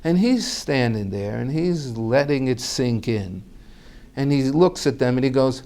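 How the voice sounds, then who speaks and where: A man's voice: mid-range voice, big pitch swings, measured pace, a little mellow. A man telling a family story aloud, animatedly acting out each character's voice.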